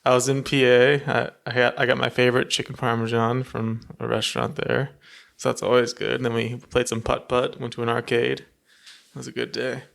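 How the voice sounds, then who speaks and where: A man co-hosting a film podcast, talking in a laid-back, low-key, casual way. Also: flat delivery, moderate pace, creaky, fairly bright tone. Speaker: podcast co-host.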